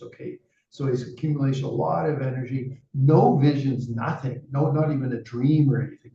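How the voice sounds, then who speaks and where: A male Buddhist teacher tells a dharma story in a chatty, casual way, with frequent "you know" asides. His voice is mellow and gravelly. It is heard from a distance in a roomy, echoey space, and the sound is dull and muffled. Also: mid-range voice.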